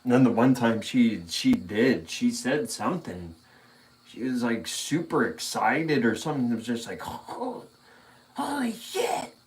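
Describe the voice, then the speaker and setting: A man chatting casually on his own channel, mid-pitched and easygoing. He rambles through a story with frequent swearing, loose slang and small laughs. The delivery is unpolished and relaxed. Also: normal speed. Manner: laid-back rambling storytelling with profanity and laughter. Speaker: vlogger. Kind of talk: casual chat.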